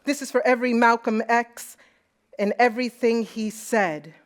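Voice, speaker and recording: A woman's voice: on the high side, steady tone, normal speed. Woman performing rhythmic spoken word poetry. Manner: rhythmic, building intensity. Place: live event hall.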